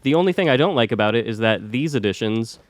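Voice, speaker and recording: A man's voice: mid-range voice, lively intonation, quick pace, no echo. A young man co-hosting a podcast, chatting casually and rambling with lots of fillers. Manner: laid-back, rambling with many fillers. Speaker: podcast co-host. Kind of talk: casual chat.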